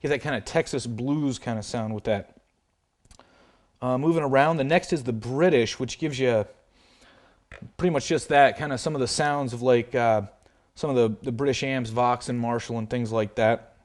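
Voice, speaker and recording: A man's voice: mid-range voice, moderate pace. A man giving a casual product demonstration of a guitar amplifier, explaining settings loosely with frequent fillers and hedges. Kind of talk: casual product demo walkthrough.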